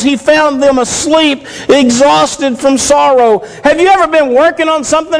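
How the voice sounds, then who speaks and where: High-voiced man preaching in an echoing hall. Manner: earnest, repetitive, rhetorical questions. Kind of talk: sermon. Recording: long reverb of a large hall.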